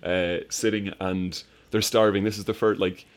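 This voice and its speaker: A man chatting casually on a podcast, retelling movie scenes with animated, laughing energy. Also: low voice, moderate pace. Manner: animated storyteller, acts out film scenes with laughter. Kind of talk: casual chat.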